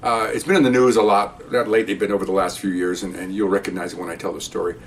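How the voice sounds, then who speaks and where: An older man with a lowish voice rattles through a story from his years as a police officer. He talks fast and rambles, with restarts and "okay?" asides to the listener. He sits a bit back from the microphone, with a faint hiss behind him. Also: fairly even intonation. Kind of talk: casual spoken storytelling. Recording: distant mic with faint background hiss.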